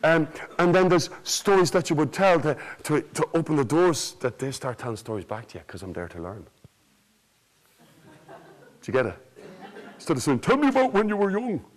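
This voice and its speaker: A man's voice: medium pitch, moderate pace, pauses often, poor audio. An Irish man, a storyteller, giving a theatrical, joking conference talk to a live audience. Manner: animated, theatrical, jokes and quizzes the audience.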